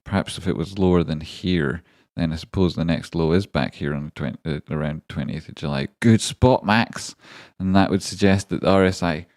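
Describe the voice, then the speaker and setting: A man with a lowish voice talks through stock charts on a live stream, wandering off on jokes and chatting to viewers by name. The sound is close and dry, with no room around it. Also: normal speed, hardly any pauses, darkish tone, no room sound. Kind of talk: live-streamed chart analysis and chat reading.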